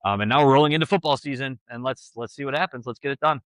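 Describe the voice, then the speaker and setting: A man's voice: mid-range voice, rapid-fire, fairly bright tone, no room sound. Chatty, teasing man from Buffalo. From Buffalo, New York. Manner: chatty, teasing, laughs easily. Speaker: podcast co-host. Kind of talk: casual chat.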